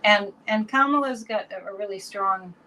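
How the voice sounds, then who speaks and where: A woman's voice: mid-range voice, moderate pace, bright, forceful tone, a little hiss or hum, low-quality recording. Chatty, emphatic woman co-host. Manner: chatty and emphatic, laughs easily. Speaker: podcast co-host. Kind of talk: casual podcast chat.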